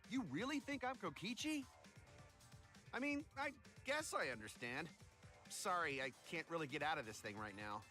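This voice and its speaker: Cocky young mech pilot: high, bright, swinging delivery. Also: male voice, big pitch swings, moderate pace, soft background music. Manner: brash, breezy. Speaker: video game character.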